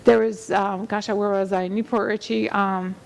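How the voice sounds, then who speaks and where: Chatty woman with a gravelly edge. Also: medium pitch, level tone, moderate pace, darkish tone. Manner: chatty and rambling, with many fillers and restarts. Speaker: realtor hosting a real estate show. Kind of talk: casual conversational storytelling.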